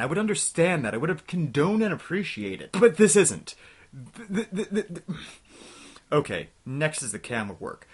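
A young man hosting a comedic game review, ranting in an exasperated, scattershot way and talking himself back to calm. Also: medium pitch, breathy edge. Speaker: host of a retro game review show.

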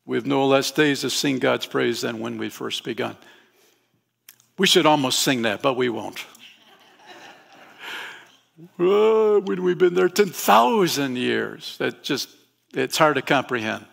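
A man's voice: medium pitch, expressive, a little slow, vocal fry, pauses often, fairly bright tone. A man as pastor, preaching a conversational sermon to his congregation in a church and asking them questions. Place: church sanctuary.

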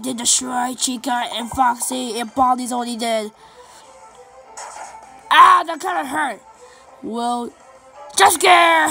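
A woman giving excitable let's play commentary over a game, chanting and repeating little phrases as she plays. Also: high voice, vocal fry. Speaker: gameplay commentator.

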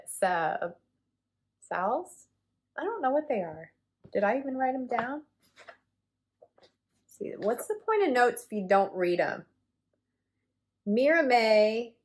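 A woman in her forties, a cross stitch vlogger, chats casually to camera in a rambling, self-deprecating way with lots of fillers. Her voice is medium in pitch.

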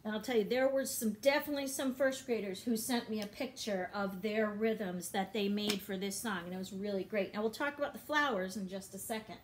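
A woman's voice: medium pitch, fairly quick, hardly any pauses, slight background noise. A woman teaching a music lesson to young children online, encouraging and patient, often chanting and singing syllables.

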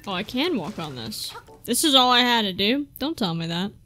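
A woman's voice: mid-range voice, very animated, normal speed, sharp tone, faint music behind. A woman giving casual, profane, exasperated commentary while playing a video game, talking back at the characters on screen. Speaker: let's play gamer. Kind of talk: gameplay commentary.

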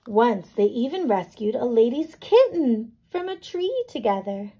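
A woman teacher reading a picture book aloud to young children, gentle and patient, pausing to check in with them. Her voice is a little high, with a gravelly, mellow grain. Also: big pitch swings, low-quality recording. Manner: gentle, checks in with "right?" and "okay?".

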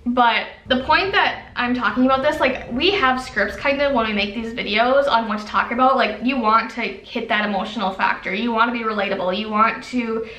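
Young woman rambling on camera, bright, clear voice, lots of "like", kinda echoey room. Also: a little high, moderate pace, few pauses, recorded from a distance. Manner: chatty, rambling, heavy on "like". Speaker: vlogger and former fitness coach. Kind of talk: casual get-to-know-me chat.

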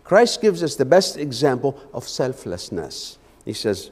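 In an echoey church sanctuary on a Sunday evening, a lay preacher delivers a fervent sermon, often repeating his words. His medium-pitched voice is husky and darkish, with a sing-song lilt and a measured pace.

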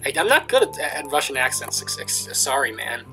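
A man's voice: medium pitch, animated, normal speed, creaky, pushed and bright, faint music behind. A man in casual game commentary, reading dialogue aloud and adding chatty, self-deprecating asides. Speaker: let's play streamer.

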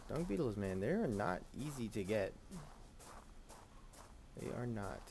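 A man's voice: fairly low pitch, sing-song, measured pace, vocal fry, darkish tone, slight background noise. A man giving casual gameplay commentary, chatting goofily to the creatures he tames. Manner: goofy, talks to the creature, silly sing-song bits. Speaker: gameplay host.

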